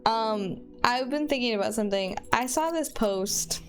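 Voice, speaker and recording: A woman's voice: fairly high pitch, moderate pace, soft background music. Chatty Michigan woman streamer. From Michigan, USA. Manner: rambling and chatty, plays with her own pronunciation. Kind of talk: casual chat while gaming.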